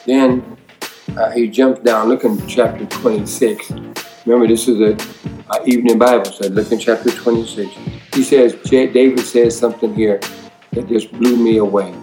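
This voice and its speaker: A man's voice: lowish voice, darkish tone, echoey room. A man preaching at an evening Bible study, reading scripture aloud and repeating lines for emphasis. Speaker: pastor.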